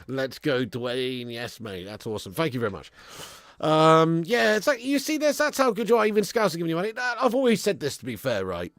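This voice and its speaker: A young man hosting a live football stream, bursting into loud hype and then falling to low mutters. His voice sits fairly high with a gravelly, fry-laden edge. The sound is close and dry, with no room around it. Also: normal speed, no echo. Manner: excitable, banter-heavy, swings from loud hype to low mutters. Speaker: football watch-along streamer.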